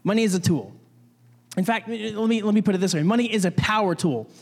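A young man with a fairly high voice preaches in a relaxed, chatty way, full of restarts and little jokes. His words ring out with a long reverb, as in a church hall. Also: a little fast, vocal fry, breathy edge. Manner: conversational, many restarts, jokey asides. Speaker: pastor. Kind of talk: casual sermon.

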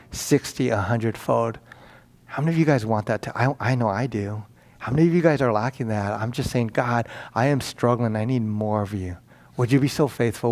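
A man's voice: medium pitch, darkish tone. A man preaching as a guest pastor, earnest and pleading, repeating key phrases for emphasis. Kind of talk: sermon.

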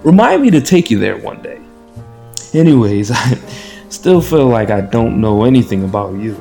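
A man's voice: mid-range voice, sing-song, normal speed, gravelly, warm tone, faint music behind. An actor playing a narcissistic male stockbroker on a dinner date, boastful and dismissive.

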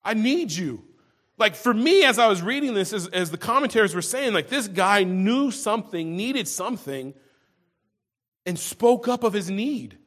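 A man's voice: sits high, expressive, moderate pace, a bit bright. A man preaching a sermon in a conversational way, often restarting and repeating words as he goes. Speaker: pastor.

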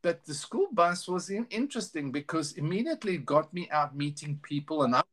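A middle-aged man speaking as a guest in a relaxed interview, his voice sitting a little high for a man. He talks earnestly and openly, stumbling and restarting as he goes. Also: a little fast. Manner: earnest, candid, with many restarts. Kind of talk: casual interview storytelling.

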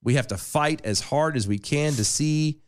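A man's voice: on the high side, moderate pace, smooth. A man hosting a podcast in casual, sarcastic political banter, often quoting and mimicking others. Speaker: podcast host.

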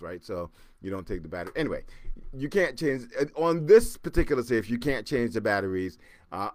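Animated man hosting a podcast. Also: fairly low pitch, no echo. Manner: animated, repeats words and acts out sounds. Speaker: podcast host. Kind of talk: casual storytelling monologue.

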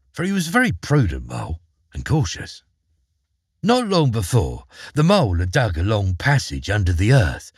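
A man narrating a fairy tale aloud in an expressive storybook manner. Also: mid-range voice, breathy edge, no room sound, studio quality.

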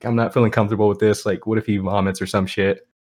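A man's voice: fairly low pitch, level tone, fast, a little mellow. A man co-hosting a podcast, telling a rambling story in casual chat, laughing often. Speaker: podcast co-host.

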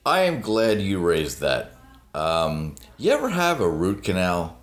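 On a talk podcast, a man offers sardonic, opinionated commentary, full of hesitant fillers and long digressions, and mocks a phrase in a sing-song voice. His voice is low, a little slow, and swings hugely in pitch.

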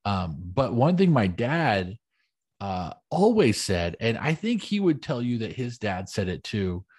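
A man's voice: on the low side, sing-song, measured pace, darkish tone, husky. A man co-hosting a casual podcast chat, talking loosely with lots of fillers and restarts. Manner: chatty, many fillers and restarts. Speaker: podcast co-host.

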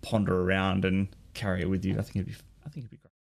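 Low gravelly man interviewing casually. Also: little pitch movement, quick pace. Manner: rambling, stammering restarts, many ums.

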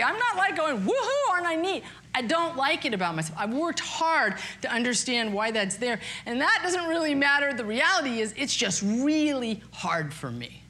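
A woman in her fifties telling a personal story in a candid, self-deprecating, animated way. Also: on the high side. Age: 50s.

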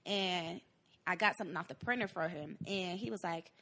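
Bright-voiced woman recounting a story. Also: fairly low pitch. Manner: recounting a story in halting bits. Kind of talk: casual group chat.

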